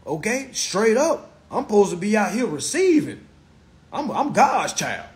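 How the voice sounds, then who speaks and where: Man, live-stream lecture, high voice, very animated, preachy, blunt, swears a lot, repeats himself. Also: unhurried. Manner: preachy, repeats phrases for emphasis; blunt and profane.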